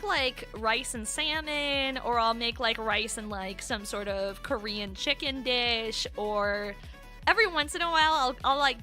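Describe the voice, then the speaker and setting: Bright, high-voiced woman streamer. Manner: rambling, fillers like "like" throughout. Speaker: livestreamer. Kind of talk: casual chat.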